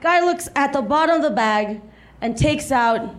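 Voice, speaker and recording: A woman in her thirties from South Texas performing a stand-up set, telling a story with animated delivery and acting out the people in it. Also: high voice, normal speed, noisy background. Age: 30s. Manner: animated storytelling, acts out voices, laughs along. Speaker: stand-up comedian.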